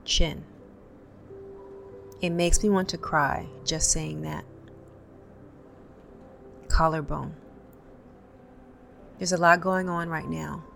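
A woman leading a guided tapping session, calmly calling out tapping points and repeating affirmations for listeners to echo. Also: sits low, takes it slowly, gravelly, long pauses, slight background noise. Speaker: tapping instructor.

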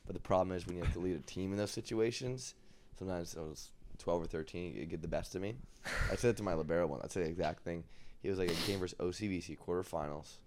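A young man from Northern California, co-hosting a podcast and telling energetic stories in casual chat. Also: sits low, fast. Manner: energetic, swings into loud retellings.

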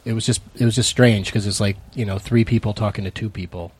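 A man's voice: fairly low pitch, fairly even intonation, fast talker, a little hiss or hum. A man chatting casually with dry, teasing remarks. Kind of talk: casual chat.

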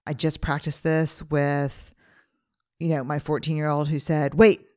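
A woman in her forties hosting a podcast, speaking in an earnest, conversational monologue and slowing down to stress her points. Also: deep voice, flat delivery, darkish tone. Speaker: podcast host.

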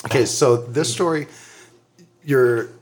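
A man's voice: mid-range voice, slow. Laughing, profane storytelling man. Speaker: storyteller on a podcast. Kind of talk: casual storytelling chat.

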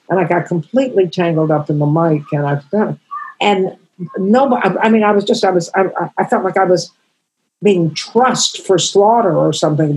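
A woman in her eighties, a comedian guest, telling stories in an emotional, halting way. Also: fairly low pitch, darkish tone, slightly rough, low-quality recording. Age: 80s. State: crying. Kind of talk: storytelling interview answers.

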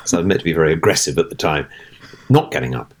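An extremely low, breathy male voice rattles along rapid-fire. The middle-aged actor, a guest in an interview, delivers an extended theatrical anecdote in animated storytelling mode, performing the various voices.

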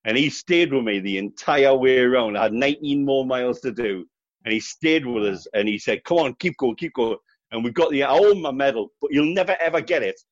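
Middle-aged Geordie man, chatty and quick to laugh, dry and muffled audio. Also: medium pitch, lively intonation, dry recording. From North East England. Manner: chatty storyteller, laughs often. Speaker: guest, charity fundraiser runner. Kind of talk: casual interview chat.

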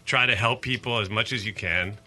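A man's voice: on the low side, fairly quick, soft background music. A man speaking as an interview guest in a casual, earnest way, telling stories with plenty of energy. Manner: earnest, animated storyteller. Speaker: guest, musician and advocate.

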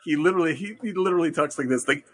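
A man co-hosting a podcast, telling an anecdote in a lively, swearing way. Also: a little high, very fast, breathy edge. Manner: animated, laughing, swearing storyteller. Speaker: podcast co-host. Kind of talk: casual chat.

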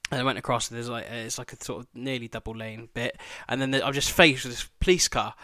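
Fast-talking sweary male podcaster. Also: medium pitch, steady tone, sharp tone, no room sound. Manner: sweary, rambling, laughing asides. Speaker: podcast host. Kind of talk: casual travel storytelling.

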